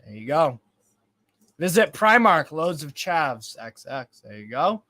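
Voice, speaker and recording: This football fan livestreamer is very animated, talking a little slowly in a fairly high, bright, forceful voice as he rambles through the watchalong. He swears often and reads messages from chat, all on a dry recording.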